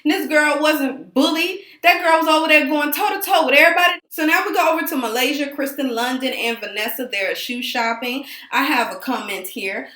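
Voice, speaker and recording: Sassy woman show recapper, high voice, roomy echo, talks right at the cast. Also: a little fast, few pauses, bright, forceful tone. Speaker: reality show reviewer. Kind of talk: casual recap commentary.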